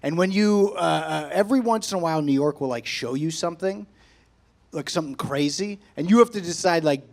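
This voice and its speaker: Brash, profane stand-up comic in his thirties, high-pitched, pushy delivery. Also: fairly quick, gravelly, a little mellow. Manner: brash, profane, keeps tagging lines with "okay?". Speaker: stand-up comedian. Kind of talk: stand-up set. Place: comedy club stage before a laughing audience.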